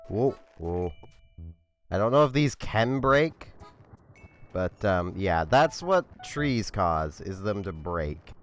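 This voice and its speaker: A man's voice: sits low, sing-song, slow, soft background music. A congested man casually commentating his video game play in a chatty, meandering way. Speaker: let's play host.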